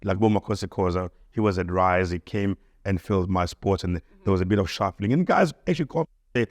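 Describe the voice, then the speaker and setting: A man, a radio host being interviewed, telling his career story in a lively way and acting out the people he quotes. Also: low-pitched, fast, no room sound. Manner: lively, acts out quoted dialogue.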